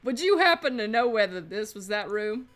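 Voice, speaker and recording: A woman's voice: medium pitch, sing-song, normal speed, a bit bright, faint music behind. Woman doing a drawling Southern bird detective. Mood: formal. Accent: mock Southern US. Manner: drawling, theatrical.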